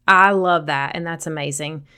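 A woman's voice: low-pitched, normal speed, pushed and bright, clear, resonant tone. A woman with a Southern accent hosting a solo podcast, speaking earnestly and encouragingly straight to her listeners. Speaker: podcast host.

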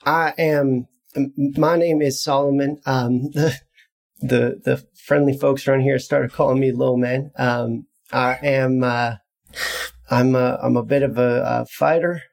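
A man's voice: mid-range voice, steady tone, measured pace, gravelly. A man voicing a timid young male sorcerer who stammers and hesitates constantly. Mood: nervous.

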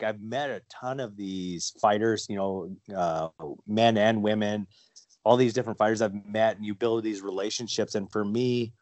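A man's voice: on the low side, a little mellow, dry recording. A man chatting casually on a podcast, rambling with lots of fillers and restarts. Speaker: guest, fighter and wrestler.

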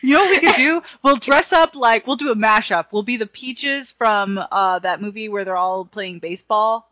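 Bright animated woman chatting. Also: fairly high pitch, normal speed, poor audio. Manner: animated, sarcastic, exaggerated outbursts. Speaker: podcast co-host. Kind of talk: casual chat.

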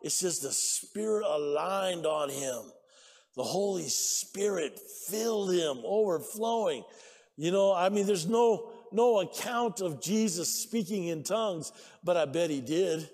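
Male pastor, very high voice, excitable sermon, echoing church hall. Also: a little slow. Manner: excitable preaching, shouting and laughing. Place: church sanctuary.

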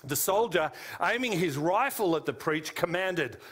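A man's voice: high voice, expressive, a little slow, fairly bright tone. A man with an Australian accent giving an informal sermon, with frequent fillers and self-corrections. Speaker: preacher. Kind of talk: sermon teaching.

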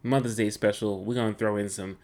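A podcast co-host with a fairly low voice talks fairly quickly in casual chat. He's an animated storyteller who performs the voices of the people he quotes.

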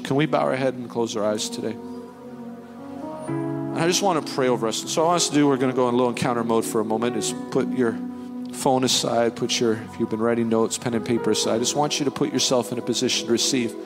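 A man preaching a sermon as pastor, telling personal stories earnestly with frequent restarts. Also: medium pitch. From Canada. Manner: earnest, animated storytelling with many restarts. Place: church sanctuary.

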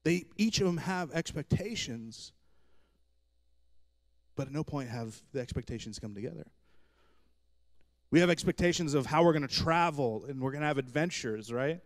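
Animated joking male pastor. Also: on the high side, normal speed, long pauses. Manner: animated storytelling with self-deprecating jokes. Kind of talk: humorous sermon.

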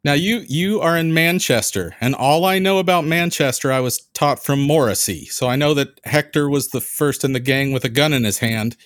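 A middle-aged man hosts a podcast in a casual, chatty way, rambling and joking as he sets up his questions. His voice sits a bit high for a man. The sound is close and dry, with no room around it. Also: normal speed, few pauses, a bit bright, no room sound. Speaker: podcast host.

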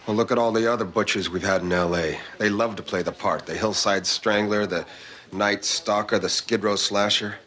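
An actor playing a hard-nosed police detective who talks in a gruff, scornful, confrontational way. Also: male voice, fairly low pitch, fairly even intonation, normal speed, bright, forceful tone. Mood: stern.

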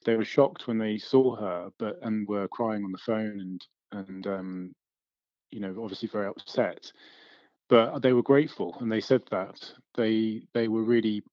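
A man, a hospital consultant, speaking in a measured way with frequent pauses. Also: on the low side, steady tone, no echo, muffled recording. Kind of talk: interview.

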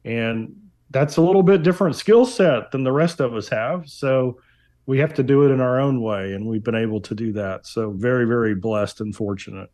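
A man speaking as a guest on an interview podcast, reflecting in a measured way with frequent fillers and repeated words. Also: mid-range voice, darkish tone. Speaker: guest, business owner. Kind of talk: interview conversation.

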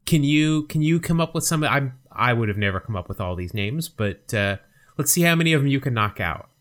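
A man's voice: mid-range voice, animated, a little fast, a bit bright. A man co-hosting a podcast in a casual, upbeat chat, laughing easily. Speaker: podcast co-host.

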